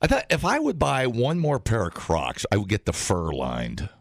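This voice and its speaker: A gravelly man hosts morning radio. His pitch jumps all over as he jokes and riffs. The studio sound is dry and close to the mic. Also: huge pitch swings, normal speed, dry recording. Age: late 30s. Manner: loud, jokey, shouts for comic effect. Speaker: radio host.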